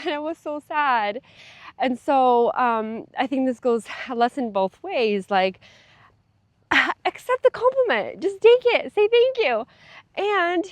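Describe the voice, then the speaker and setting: A woman's voice: a little high, dry recording. A young adult woman vlogging in a casual, chatty way, with many fillers and little laughs. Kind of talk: casual talk to camera.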